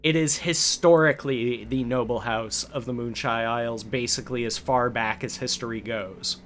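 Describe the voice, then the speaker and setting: A man's voice: mid-range voice, steady tone, moderate pace, fairly bright tone, a little hiss or hum. A man running a tabletop game on a live stream, explaining lore in a loose way with many fillers. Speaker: game master.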